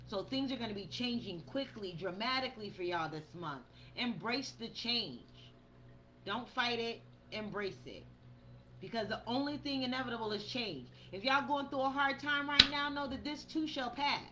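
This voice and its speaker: On a rough recording with faint yard noise in the background, a woman who works as a tarot reader and spiritual coach does a relaxed monthly reading. Her highish voice is expressive, bright, and forceful at normal speed, and she addresses viewers as y'all while reading the cards' text.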